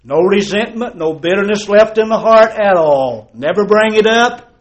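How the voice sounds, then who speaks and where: A male pastor preaching a sermon with a fairly high voice. He keeps moving between loud, stressed phrases and near-hushed asides. He leans on folksy stories and rhetorical questions. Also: expressive, normal speed. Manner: preaching with dramatic swings from loud emphasis to hushed tones.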